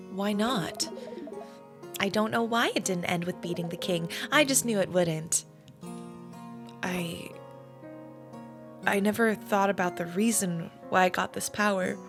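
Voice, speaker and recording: A woman's voice: mid-range voice, unhurried, pauses often, lightly acted. A woman reading the lines of a troubled young rogue in an earnest, uncertain tone. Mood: uneasy. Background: game music.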